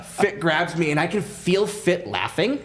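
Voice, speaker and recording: A man and former wrestler telling a story as a podcast guest, animated and full of restarts and laughs. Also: on the high side, measured pace, noisy background. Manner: animated, lively retelling with many restarts and laughs. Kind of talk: casual storytelling.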